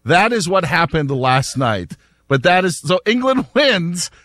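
Lively, laughing male radio host. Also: high voice, measured pace, no echo. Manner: animated, laughing storyteller. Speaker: radio talk show host. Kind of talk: casual sports talk.

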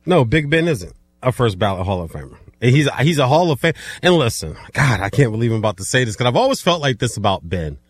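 A man co-hosts a sports talk show, cutting in with short replies and dry sarcasm. His pitch rises and falls a lot. The recording is dry and close. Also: sing-song, dry recording. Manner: quick interjections, dry sarcasm. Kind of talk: casual sports debate.

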